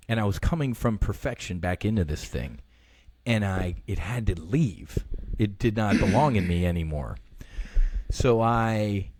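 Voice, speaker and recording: A man in his fifties, a podcast guest telling a personal story in an earnest, halting way, often restarting his sentences. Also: low-pitched, a little mellow, dry recording, clean studio sound. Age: 50s.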